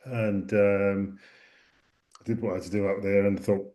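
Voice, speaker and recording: A man's voice: lowish voice, fairly even intonation, unhurried, pauses often, dark tone. A middle-aged man from the Essex and London area co-hosting a casual podcast, telling anecdotes with a dry, wry humor. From Essex or London, England. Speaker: podcast co-host.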